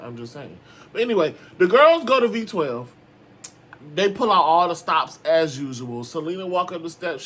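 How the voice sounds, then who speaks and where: A young man giving sassy, animated casual commentary as a reality TV recap host, with sudden dramatic outbursts. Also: fairly high pitch, slight background noise.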